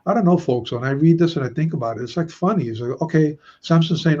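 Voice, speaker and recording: A man's voice: a little high, quick pace, hardly any pauses, a little mellow, lo-fi sound. A man hosting a Bible study discussion, chatty, reading verses aloud and putting questions to his listeners.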